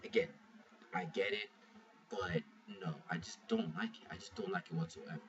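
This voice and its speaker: A man's voice: high voice, wildly swooping pitch, moderate pace, gravelly, fairly bright tone. A man casually reviewing a manga chapter, rambling, swearing freely and restarting his sentences. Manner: rambling, profane, restarts a lot. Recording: muffled lo-fi mic from a distance, faint hiss.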